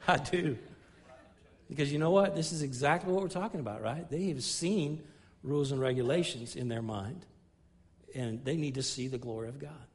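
A middle-aged man preaching a sermon in an earnest way, building emphasis through repeated and restarted phrases and dropping his voice low when telling a story. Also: brisk, a little mellow. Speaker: pastor.

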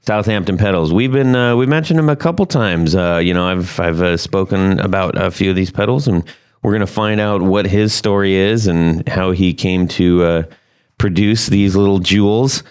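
A man with a very low voice hosts a laid-back guitar gear podcast. He rambles cheerfully, jokes, and restarts his sentences with plenty of ums and uhs. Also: normal speed, darkish tone, smooth. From United States. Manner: chatty, joking, filler-heavy. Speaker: podcast host. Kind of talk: casual podcast chat.

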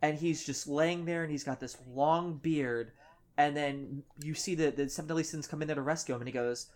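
A woman's voice: sits low, normal speed. A woman co-hosting a casual podcast chat, animatedly retelling scenes and swearing casually. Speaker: podcast co-host.

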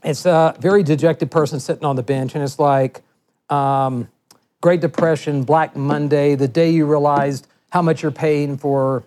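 A middle-aged man giving a lecture, telling animated workplace anecdotes and acting out the voices of people he quotes. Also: on the high side, unhurried. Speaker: guest lecturer. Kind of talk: storytelling lecture.

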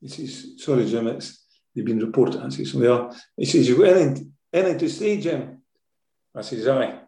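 A Scottish man with a mellow, warm voice tells animated stories from his football management days, often ending sentences with "eh?". He is recorded in an echoey room. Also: mid-range voice, normal speed. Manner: lively storyteller, tags sentences with "eh?". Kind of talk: anecdotal interview storytelling.

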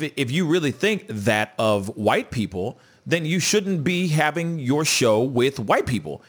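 A man co-hosting a casual commentary chat, talking in an animated way and repeating himself as he swings between loud and soft. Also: fairly high pitch, husky. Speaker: co-host.

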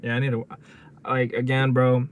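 A man's voice: medium pitch, completely flat delivery, moderate pace, a little hiss or hum. A man co-hosting a casual podcast chat, talking in laid-back slangy banter full of "bro" and "y'all". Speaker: podcast co-host.

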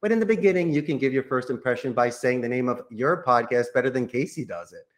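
Energetic salesman man coaching. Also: mid-range voice, quick pace. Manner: energetic salesman, coaching listeners with role-played phone calls. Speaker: call center CEO, guest. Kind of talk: podcast interview, coaching monologue.

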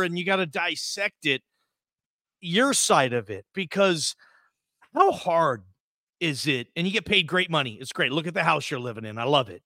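A man's voice: on the high side, sing-song, moderate pace, no room sound, studio quality. A man hosting a casual sports podcast, teasing his co-host and talking emphatically. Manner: teasing, emphatic, swings between loud and quiet.

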